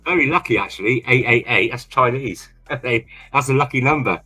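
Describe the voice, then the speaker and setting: A man's voice: medium pitch, normal speed, pushed and bright, breathy edge, faint music behind. A man from England, co-hosting a livestream in rambling, casual chat and repeating himself often. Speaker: livestream co-host.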